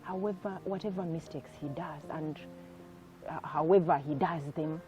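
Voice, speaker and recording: A woman guest telling her life story in an interview, soft-spoken and reflective, with many fillers. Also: low-pitched, normal speed. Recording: dull lo-fi recording with faint music.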